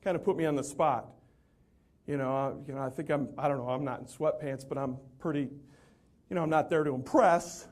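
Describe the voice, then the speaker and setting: Lively man with a higher voice, spinning a comic stage anecdote. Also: fairly quick. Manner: animated, self-deprecating storyteller. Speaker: motivational speaker. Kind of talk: humorous storytelling talk.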